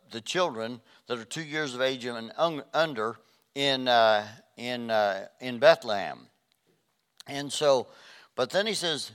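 A middle-aged man preaching a sermon, swinging between loud emphatic passages and soft, hushed ones. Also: medium pitch, clean tone.

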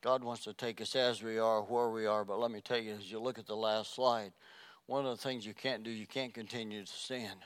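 A middle-aged male pastor preaching a sermon, swinging from loud exhortation to hushed, intense delivery. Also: on the low side, steady tone, fairly quick, clean tone, no room sound.

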